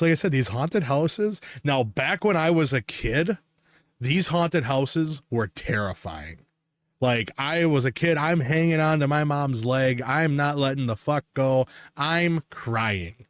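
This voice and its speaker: A podcast co-host with a mid-range voice tells a story in a casual chat, cursing often and laughing as he goes. The recording is dry.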